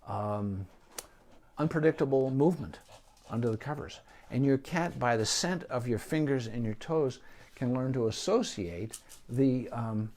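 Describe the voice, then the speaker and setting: A middle-aged man talks through pet care as a veterinarian, unscripted and easygoing. He pauses on fillers and restarts his sentences often. His pitch sits in an ordinary middle range for a man. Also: a little mellow. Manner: conversational, with frequent ums and restarts. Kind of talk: unscripted advice talk.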